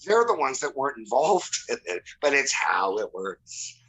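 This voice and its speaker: Rambling man reminiscing, bright voice. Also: medium pitch, big pitch swings, moderate pace, a little hiss or hum, low-quality recording. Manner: rambling, many restarts and asides. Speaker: podcast guest. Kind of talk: casual chat.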